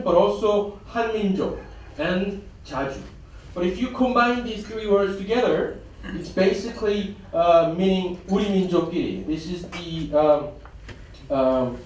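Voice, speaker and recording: A man's voice: fairly high pitch, darkish tone, far from the mic, a little hiss or hum. A man giving a symposium presentation in a conference hall, hesitant, with many fillers and restarts. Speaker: conference speaker.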